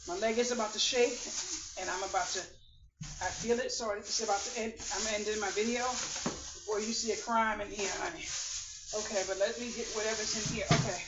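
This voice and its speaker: A woman's voice: medium pitch, steady tone, fairly quick. A woman with an exuberant, folksy chat in an echoey kitchen. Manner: exuberant, hums and laughs, folksy Southern-style talk. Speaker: vlogger. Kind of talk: casual grocery haul vlog. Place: home kitchen. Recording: roomy, distant, dull lo-fi with noise.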